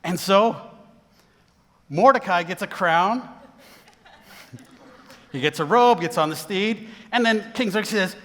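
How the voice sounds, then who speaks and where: A man's voice: high-pitched, lively intonation, takes it slowly, long pauses, fairly bright tone, long reverb tail. A man preaching a sermon, retelling a Bible story with voices for its characters.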